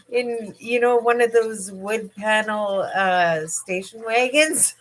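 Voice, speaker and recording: A middle-aged woman hosting a casual livestream, talking in a halting way with many fillers and frequent laughs, tired and yawning. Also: a little high, a bit bright. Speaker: livestream host.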